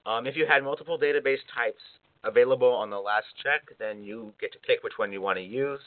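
A man explains a software installation in a loose, conversational way, often pausing with fillers and correcting himself mid-sentence. His voice sits at an ordinary pitch. The sound is narrow and phone-like. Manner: informal, rambling with fillers and self-corrections. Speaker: software tutorial presenter. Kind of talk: casual screencast walkthrough.

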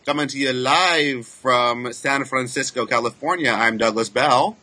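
A bright, forward male voice with a slightly husky edge, hosting a casual live podcast. He chats easily and laughs often. He moves through announcements and sponsor reads at a brisk clip. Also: mid-range voice. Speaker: podcast host. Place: San Francisco studio.

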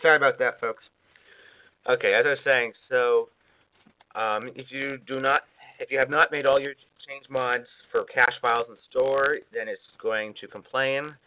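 A man talking informally through a software setup tutorial, rambling a bit with fillers and self-corrections. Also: mid-range voice, fairly even intonation, normal speed. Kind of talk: casual screencast walkthrough. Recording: phone-like narrow band.

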